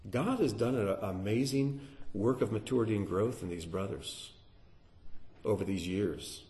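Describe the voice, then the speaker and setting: A man teaching through a Bible passage in an animated, dramatic sermon style, sometimes acting out the characters. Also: lowish voice, a little slow. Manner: animated, dramatic, acts out voices.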